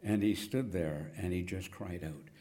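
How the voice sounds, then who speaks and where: Guy preaching slow, lowish voice, goes from big cries to near whispers. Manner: slow, dramatic preaching with sudden loud cries and hushed whispers. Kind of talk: sermon.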